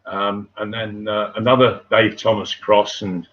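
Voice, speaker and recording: Slow, low-voiced older man reminiscing. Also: flat delivery, fairly bright tone. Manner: unhurried, halting with many fillers and restarts. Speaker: former footballer telling stories. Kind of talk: casual storytelling chat. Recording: dull lo-fi sound.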